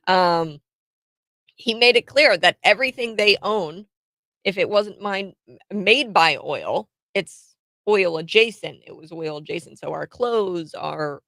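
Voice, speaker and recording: A woman hosting a talk radio show, giving opinionated commentary in a chatty way, laughing often and filling pauses with many "uh"s and restarts. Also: mid-range voice, a bit bright, dry recording.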